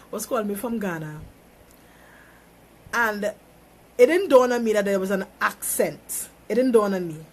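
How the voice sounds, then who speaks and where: A woman talking on a phone live stream, giving an emphatic, preachy motivational monologue and repeating phrases for effect. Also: mid-range voice. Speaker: small business owner.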